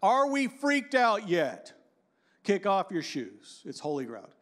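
A man in his fifties giving a lively, joking conference talk and quizzing the audience. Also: high-pitched, slow. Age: 50s. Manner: animated and joking, asks the audience questions. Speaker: conference speaker.

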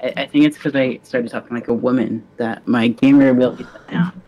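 A man chatting casually with a teammate during a game, relaxed and easygoing. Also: mid-range voice, fairly quick, a little hiss or hum, poor audio. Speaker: gaming teammate.

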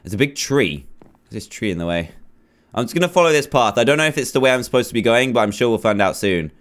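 A man commenting nervously as he plays a horror game, pleading and reacting loudly to scares. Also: medium pitch, animated, fast talker. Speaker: gamer.

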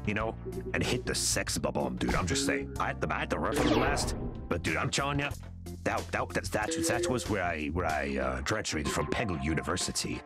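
A smug French spy from a shooter game, as a streamer puts him on through a pitch-lowering voice changer that makes him very deep. He boasts in a crude, lowered drawl with a lively, swooping delivery, over loud music. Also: moderate pace. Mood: smug boasting. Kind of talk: gaming livestream.

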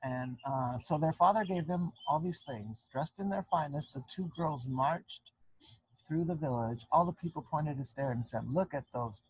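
A man's voice: fairly high pitch, normal speed, husky, poor audio. A man reading a picture book aloud to children, chatty, stopping to explain words as he goes. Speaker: storytime reader for children. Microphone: handheld mic, briefly dropped on the ground.

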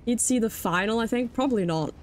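A woman's voice: on the high side, a little fast. A British woman streaming a video game live, jumpy and swearing freely as she comments and talks to her chat.

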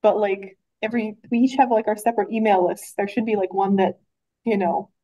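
A woman's voice: mid-range voice, steady tone, fairly quick, warm tone, no room sound, low-quality recording. A woman, a library director, running a public board meeting in a chatty way with lots of fillers and restarts.

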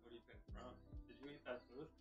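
A man's voice: medium pitch, steady tone, very fast, dull audio, faint music behind. A man talking casually and easygoing with a streamer from across the room, picked up distantly by her mic. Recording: distant, echoey off-mic pickup.

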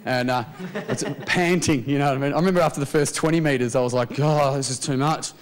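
A man's voice: mid-range voice, quick pace. An Australian man doing a chatty, self-mocking stand-up set in a TV studio. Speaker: stand-up comedian. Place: TV studio with live audience.

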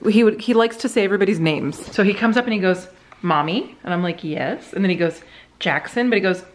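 Woman vlogger, giggly, animated storyteller. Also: medium pitch, fairly quick, a little hiss or hum. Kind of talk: casual chat.

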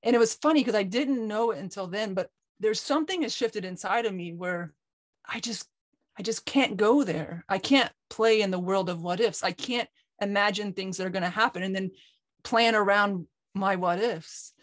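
A woman's voice: medium pitch, moderate pace, dry recording, clean studio sound. A woman co-hosting an online talk, candidly telling a personal story with lots of restarts. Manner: candid, animated, frequent restarts and fillers. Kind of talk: personal storytelling in a group call.

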